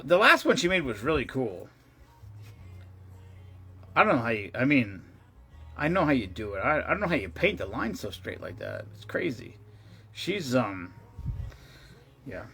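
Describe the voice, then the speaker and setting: A man's voice: medium pitch, fairly bright tone, husky. A man hosting a charity livestream, chatting casually with viewers in a rambling, profane way, with many restarts.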